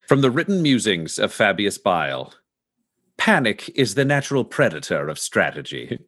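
Brief: male game master, chatty narration, low bright voice, dry close mic. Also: normal speed, dry recording. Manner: relaxed, chatty narration with fillers.

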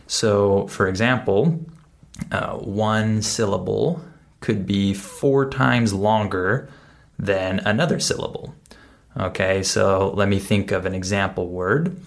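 A man with a fairly low voice teaches English pronunciation at an unhurried pace. He explains patiently, pausing often and checking in with his listeners as he goes. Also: gravelly. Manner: deliberate, with frequent "uh" pauses and check-ins like "right?" and "okay?". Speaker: English teacher, podcast host. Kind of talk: slow, explanatory listening lesson.

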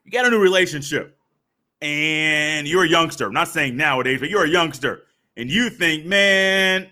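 A young man hosting a sports podcast, talking casually and acting out little scenes with animated swings in pitch and pace. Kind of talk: casual monologue with storytelling.

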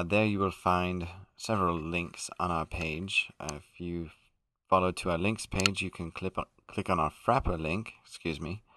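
A man playing a pompous aristocratic English gentleman who hosts a comedy podcast, in a put-on upper-class British accent, fussy and self-correcting. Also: low-pitched, no room sound, studio quality. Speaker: podcast host.

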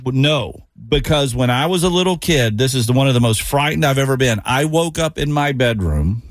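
Animated radio host with a dry studio sound. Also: male voice, mid-range voice, normal speed, no room sound, soft background music. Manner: animated storyteller, breaks into yelps. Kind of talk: morning radio banter. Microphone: studio microphone.

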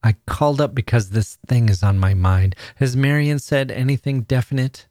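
A man's voice: mid-range voice, normal speed, warm tone, no echo, studio quality, voice pushed up, lightly acted. A man reading the part of a tense, remorseful middle-aged father who sounds strained and earnest. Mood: subdued.

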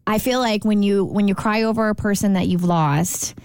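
A woman podcast host who talks in a gentle, consoling way and speeds up in bursts. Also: medium pitch, moderate pace, clean tone, no room sound. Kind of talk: casual podcast conversation.

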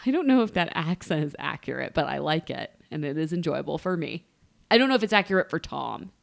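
Animated, lower-voiced gossipy woman. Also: brisk, creaky. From Columbus, Ohio, USA. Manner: chatty and gossipy, laughing often. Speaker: podcast co-host. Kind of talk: casual reality-TV recap chat.

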